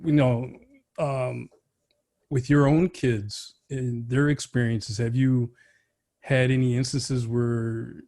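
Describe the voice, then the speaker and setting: A man hosting a podcast interview, speaking in a soft, hesitant way. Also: mid-range voice. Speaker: host.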